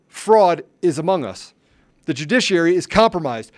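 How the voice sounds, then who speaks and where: Male podcast host with a high voice, fervent and emphatic, hammering his points home with repetition. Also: lively intonation, normal speed. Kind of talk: impassioned political commentary.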